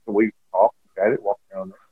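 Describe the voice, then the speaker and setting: A man rambles through a storytelling anecdote in an interview, his words full of fillers and restarts. The recording is dry and slightly dull, like lo-fi audio. His pitch sits in an ordinary middle range. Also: flat delivery, fast talker, slightly rough, dry recording. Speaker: author and guest.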